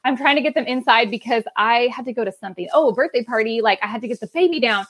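A woman in her thirties with a slightly high voice, talking on a podcast as a guest author. She tells her stories animatedly, slipping into lively quoted voices. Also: quick pace. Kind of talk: conversational podcast interview.

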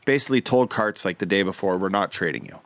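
A man co-hosting a podcast, a former hockey player telling stories in a rambling, profane, animated way. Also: deep voice, fast, creaky. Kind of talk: casual storytelling chat.

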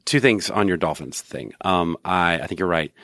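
A man's voice: low-pitched, moderate pace, vocal fry, a bit bright, no echo, studio quality. A man co-hosting a sports podcast, joking and rambling in casual chat. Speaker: podcast co-host.

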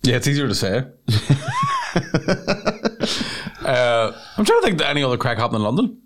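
A podcast co-host with a mid-range voice and normal pace jokes around in a casual comedy chat. He's animated, swears freely, and slips into silly voices.

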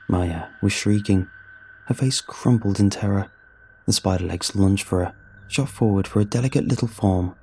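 A man telling a first-person horror story in a grim, measured way. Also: fairly low pitch, mellow, slightly rough. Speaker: narrator.

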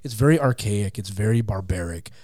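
A man speaking as a guest in a casual interview, animated and acting out quotes in different voices, on a close studio mic. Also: on the low side, fairly quick, no echo. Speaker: podcast guest, atheist comedian.

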